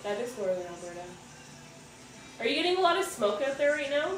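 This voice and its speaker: A woman's voice: on the high side, expressive, normal speed. A woman in her thirties from Ontario, hosting a casual livestream chat, swearing freely and reading out viewer comments. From Ontario, Canada. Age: 30s. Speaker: livestream host. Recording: roomy room, distant mic, music behind.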